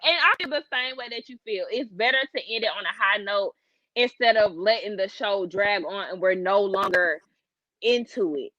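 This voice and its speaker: A woman's voice: mid-range voice, normal speed, dry recording, dull audio. A woman co-hosting a casual live chat, talking to her viewers with big emotional swings. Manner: animated, emotional, talks to viewers as y'all. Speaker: co-host.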